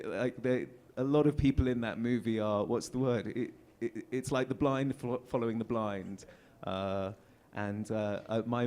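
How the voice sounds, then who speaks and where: A man's voice: medium pitch, a little mellow, a little hiss or hum. An English man talking as a guest on a convention panel, telling casual anecdotes, chatty, laughing often and trailing into fillers. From England.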